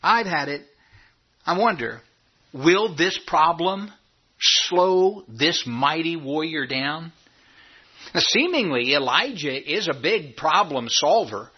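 A man's voice: fairly high pitch, lively intonation, slow pace, slightly rough. A man preaching a sermon in church, telling the story with animation and stumbling over repeated words. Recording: dull lo-fi recording.

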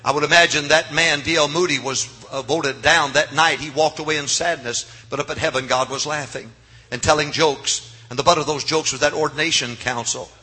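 Male revival preacher, husky and bright, hushed-to-shouting delivery. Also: on the high side, steady tone, brisk. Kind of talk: revival sermon. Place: church sanctuary.

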